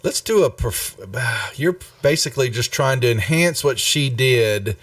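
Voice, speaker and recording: A male game master narrates a tabletop session slowly, with plenty of ums and restarts. His voice sits a little off the mic, but the room is dry and dead. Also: medium pitch, lively intonation, fairly bright tone, dry recording, far from the mic. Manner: unhurried, rambling with many fillers.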